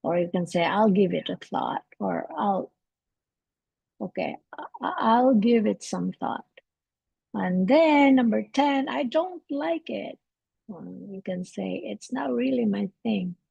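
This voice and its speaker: Slow, gravelly-voiced woman teaching live. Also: mid-range voice, dry recording, muffled recording. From Canada. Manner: relaxed, halting, many fillers and restarts. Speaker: English teacher hosting a live lesson. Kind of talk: casual livestream teaching. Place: home.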